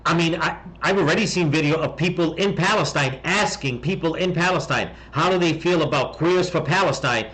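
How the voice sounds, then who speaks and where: A man's voice: a little high, fairly quick, few pauses, a bit bright, poor audio. A man hosting a rambling political commentary, blunt and heated, swearing often, restarting his sentences and tagging them with "okay?". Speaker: political commentary channel host.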